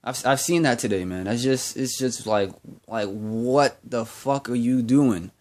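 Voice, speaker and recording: A man's voice: mid-range voice, a little slow, darkish tone. A young man ranting in a vlog monologue, profane and heated, repeating himself as he goes. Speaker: vlogger.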